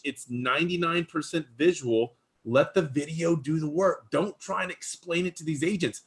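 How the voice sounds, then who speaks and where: A man's voice: on the high side, moderate pace. A man who recruits real estate agents, telling a story casually in a rambling way, with many restarts and fillers.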